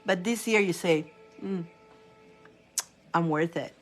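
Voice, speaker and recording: A woman, chatting casually on a live stream as a spiritual reader, animated and laughing often. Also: on the low side, slow, faint music behind.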